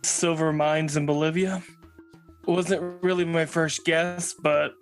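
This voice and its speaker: A man's voice: on the high side, flat delivery, slow, soft background music. A man playing a dry, determined doctor. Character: determined tireless male doctor.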